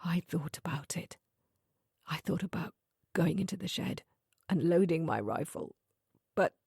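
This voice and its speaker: A woman voicing a distraught young man who talks in broken, hoarse whispers in an audiobook thriller. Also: on the low side, animated, measured pace, darkish tone, no echo, clean studio sound, full character voice.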